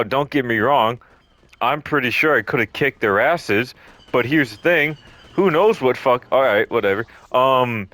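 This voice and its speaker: A young man tells a story from his past over game footage, rambling with lots of ums and swearing. His voice sits at an ordinary middle pitch, and the sound is dry and close to the mic. He acts out what people said with quick jumps in his voice. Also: fairly bright tone, dry recording. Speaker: storytelling vlogger. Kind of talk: casual storytime over gameplay.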